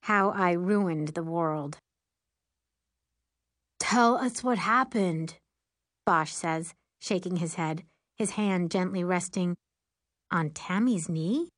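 Slow, measured woman audiobook narrator. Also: on the low side, no room sound, studio quality. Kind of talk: scripted narration.

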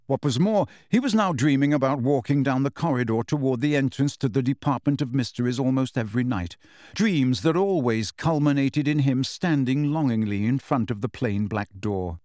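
A man reading a novel aloud as an audiobook narrator, with measured, expressive storytelling. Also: medium pitch, dry recording, clean studio sound. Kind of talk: scripted narration.

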